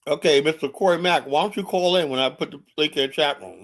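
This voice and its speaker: On the high side and fairly bright, this man's voice moves at a quick pace as he hosts a livestream. He rants combatively about politics, swearing, repeating phrases, and confronting his viewers head-on.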